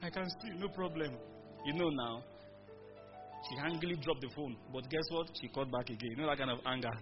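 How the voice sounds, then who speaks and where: Speaking quickly in a mid-range voice, this pastor delivers an emphatic church sermon and calls on the congregation to echo him back. Music sits behind a dull-sounding recording.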